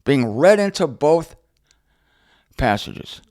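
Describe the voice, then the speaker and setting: A middle-aged man teaching the Bible in an unscripted monologue, sarcastic and animated as he answers objectors directly. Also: fairly high pitch, slow. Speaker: Bible teacher and show host.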